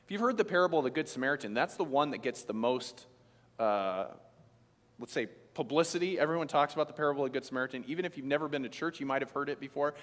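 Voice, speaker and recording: A man's voice: medium pitch, expressive, fast talker, a bit bright. A man, preaching a sermon in an emphatic, conversational way with frequent restarts. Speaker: pastor. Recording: long reverb of a large hall.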